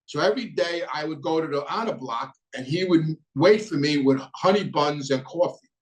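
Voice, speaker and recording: Man, middle-aged, New York accent, fairly high voice, blunt and profane, casual storytelling. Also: normal speed, poor audio. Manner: blunt, profane, many restarts and "you know". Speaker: host telling a prison story.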